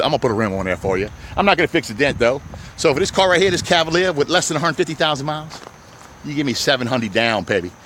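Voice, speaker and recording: A man selling used cars on his lot in a loud, salesy pitch, calling viewers baby and my people. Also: a little hiss or hum. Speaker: used car dealer. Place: outdoors on a car lot.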